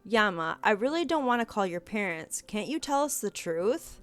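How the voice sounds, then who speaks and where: A woman voicing a stern, pompous male schoolteacher who scolds in a prim, formal way over soft game music. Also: medium pitch, big pitch swings, moderate pace, close to an everyday voice. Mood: indignant.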